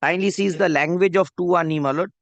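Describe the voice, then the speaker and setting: Speaking fast in a high-pitched voice with no room sound, a man argues a case before a judge in the courtroom. His Indian English carries a Bengali accent; he is deferential, reads clauses aloud, and says "my lord" over and over.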